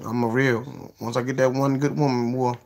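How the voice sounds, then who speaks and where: A man hosting a casual livestream, talking to his viewers in a profane, excitable way that swings from low mumbling to sudden yelling. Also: normal speed, gravelly. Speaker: livestream host.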